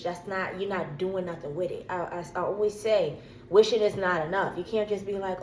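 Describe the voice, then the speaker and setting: A woman's voice: lowish voice, lively intonation, normal speed, a little mellow. A woman giving a casual tarot reading to her viewers, blunt and streetwise, cursing freely. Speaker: tarot reader. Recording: echoey room with faint background noise.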